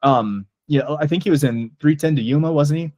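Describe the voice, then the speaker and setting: A man chats through a movie review with eager, rambling enthusiasm, leaning on fillers as he goes. His voice sits a little on the high side. The sound is dry and close, with no room around it. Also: a little fast, a little mellow, no room sound. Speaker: podcast co-host. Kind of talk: casual movie review chat.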